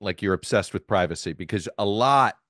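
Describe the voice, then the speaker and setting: A man hosting an interview, his voice pitched fairly low. The sound is close and dry, with no room around it. He argues his points in a relaxed, chatty way. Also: fairly quick, no echo. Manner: conversational, argumentative, leans on asides like "you know" and "right?". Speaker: podcast host. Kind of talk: casual interview conversation.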